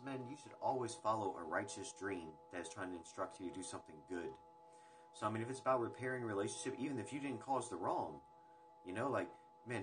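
A young man hosting a casual livestream, chatting loosely with viewers and rambling between topics with the odd swear word. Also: lowish voice. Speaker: livestream host. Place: indoors at home. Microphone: phone livestream. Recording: music playing in the background.

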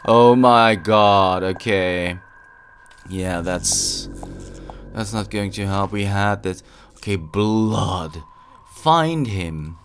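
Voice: sits low, slow pace, a little hiss or hum. A let's play gamer giving casual gameplay commentary, easily spooked and full of nervous exclamations.

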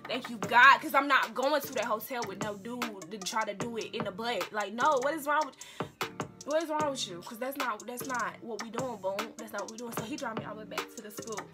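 Loud music plays throughout as a young vlogger, a woman with a voice a little on the high side, dramatically and animatedly retells a story. She talks a little fast and repeats her lines to emphasize them.

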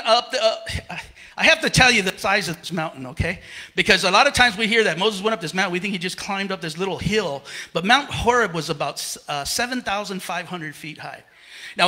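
Breathless high-voiced preacher. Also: male voice, sharp tone. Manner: repeats words and restarts often. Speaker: pastor. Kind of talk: sermon. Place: church.

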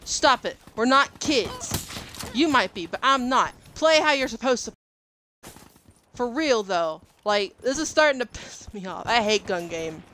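A woman's voice: a little high, animated, unhurried, slight background noise. A young adult woman streaming gameplay, frustrated and cursing at opponents as she plays. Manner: frustrated, swearing, shouting at opponents. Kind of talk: live gameplay commentary.

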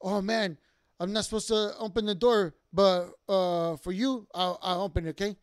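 A man voicing his young son, an obedient little boy who talks in a small, excited child's voice. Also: sits high, moderate pace, clear, resonant tone, no room sound, clean studio sound, lightly acted. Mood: eager.

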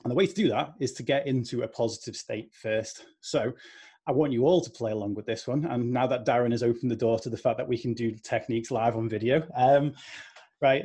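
Over a video call, a man with a northern English accent gives a conversational talk to an online audience, acting out inner voices along the way. His voice is medium-pitched, dark, and husky.

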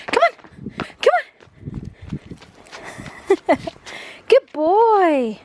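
A bubbly young woman with a high, bright voice chats casually to camera, now and then slipping into sing-song baby talk for her dog. There is a faint hiss of noise under the recording. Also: very animated, drawn-out words. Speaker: vlogger. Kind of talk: casual vlog chat.

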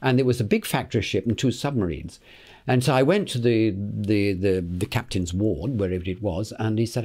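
A British actor around eighty, telling lively stories in an interview, chuckling and acting out the other people's voices. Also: male voice, on the low side, a little fast, slightly rough. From Britain. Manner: lively raconteur, acts out the voices in his anecdotes, chuckling, repeats words. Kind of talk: anecdotal interview storytelling.

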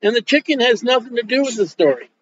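A man preaching a sermon in a joking, animated way. He acts out quoted dialogue as he goes. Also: extremely high pitch, fast talker, slight background noise. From Polish Roman Catholic upbringing. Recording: dull lo-fi sound.

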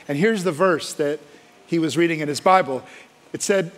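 A man preaching a sermon as pastor, telling stories with passion and swinging between loud and hushed delivery. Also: a little high, normal speed. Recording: long hall reverb.

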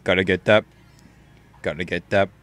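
A young man hosting a casual gaming session, joking and trash-talking friends and breaking into loud shouts. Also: sits low, fairly even intonation, moderate pace, no echo, soft background music. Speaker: gaming YouTuber.

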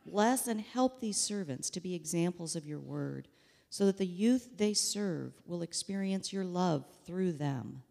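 A woman leading a congregation in a steady, reverent pastoral prayer. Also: fairly low pitch, a little slow, creaky, long reverb tail. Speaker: worship leader leading prayer.

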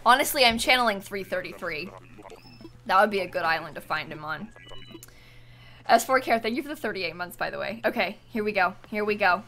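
Animated and brisk, this young woman speaks in a mid-range, slightly bright voice during a game stream. She chats easily, calling out viewers by name to thank them, while music plays underneath.

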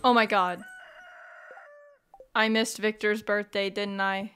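A young woman hosting a let's play, chatting bubbly and excitable, bursting into squeals. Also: mid-range voice, takes it slowly, pauses often, clear, resonant tone. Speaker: gaming channel host.

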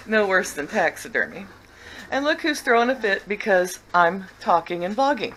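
Older woman, home vlogger, chatty, giggly, sing-song pitch, mid voice. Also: sing-song, normal speed, heavy background noise. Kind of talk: casual home vlog.

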